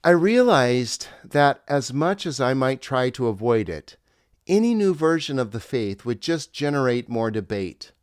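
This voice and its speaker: A man's voice: mid-range voice, sing-song, measured pace, smooth, no room sound, clean studio sound. A middle-aged man, a former pastor, narrating his memoir in a wry, reflective storytelling manner.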